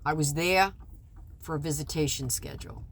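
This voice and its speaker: A woman giving personal testimony about a custody hearing, halting and restarting often, rising to indignation and dropping to quiet apology. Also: sits low, a little hiss or hum. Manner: halting, with many restarts and stammered repeats; swings between loud indignation and quiet apology. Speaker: mother recounting a custody case.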